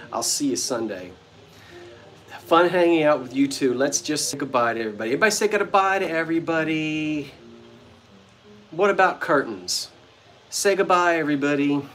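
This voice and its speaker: His voice sits on the high side with a fairly bright tone and lively intonation, moving at normal speed with frequent pauses, faint music behind him. The man is hosting a casual vintage-goods live stream at sunset on an old bungalow's front porch, playfully joking with viewers.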